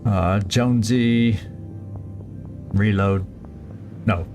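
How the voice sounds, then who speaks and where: A man's voice: on the low side, fairly even intonation, very slow, music in the background. A man streaming a strategy game, thinking aloud through each move with plenty of fillers and restarts. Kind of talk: casual let's-play commentary.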